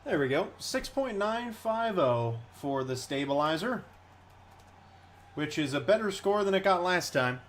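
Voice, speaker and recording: A man giving live commentary on a simulated monster truck event, chatty and excitable, grumbling sarcastically between runs. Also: high voice, measured pace, slight background noise.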